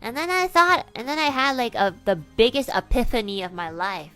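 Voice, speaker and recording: Rambling young woman with a smooth voice. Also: a little high, animated, moderate pace, a bit bright, faint music behind. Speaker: streamer. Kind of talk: storytelling to a live audience.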